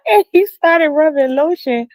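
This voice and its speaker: Recorded with studio quality and no room sound, a middle-aged woman chats casually on her livestream. She reads comments and shares family stories, laughing often, staying animated, and putting on a high voice for quotes.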